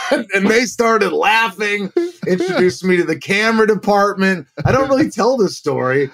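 A man in his forties, a guest actor, telling stories in a casual, animated way and acting out the voices he quotes. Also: sits high, moderate pace, gravelly. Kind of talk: casual storytelling.

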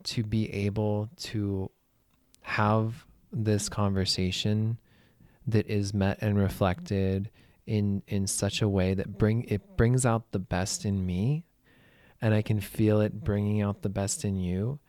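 A man, a musician guest on a podcast, speaking gently with searching, hesitant phrasing. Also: fairly low pitch, little pitch movement, slow pace. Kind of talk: casual heartfelt conversation.

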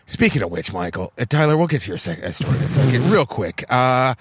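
A man's voice: mid-range voice, sing-song, fast talker, breathy edge, soft background music. A man hosting a casual podcast, telling stories in an exasperated, swearing rant. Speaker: podcast host. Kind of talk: casual storytelling chat.

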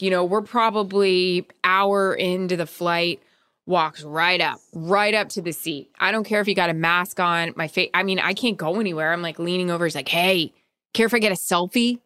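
Lively storytelling woman, dry close sound. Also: lowish voice, moderate pace, clear, resonant tone, no room sound. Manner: animated storyteller acting out quoted voices. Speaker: podcast co-host. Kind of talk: casual chat.

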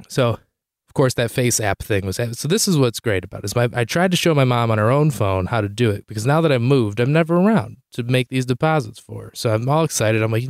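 A young man hosting a podcast, telling a comic story in a rambling, animated way, swearing freely and jumping high in pitch when he quotes himself. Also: fast, no room sound, clean studio sound. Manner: rambling with many "like" fillers and restarts. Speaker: podcast host. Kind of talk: comedic storytelling monologue.

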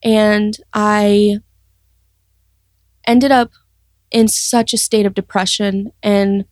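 A young woman sharing her life story in an interview, earnest and reflective, often pausing and restarting. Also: mid-range voice, a little mellow, no echo, clean studio sound. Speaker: guest sharing testimony. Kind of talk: personal testimony interview.

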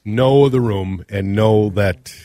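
A man from Minnesota with a Minnesotan accent, co-hosting a radio show in casual, animated talk. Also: lowish voice, slow, crowd noise. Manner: animated, ranting, mimics accents. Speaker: radio co-host.

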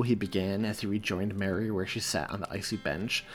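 A man reads his own story aloud in a measured, expressive audiobook style. His voice sits fairly low, and faint music plays underneath. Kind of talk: audiobook narration.

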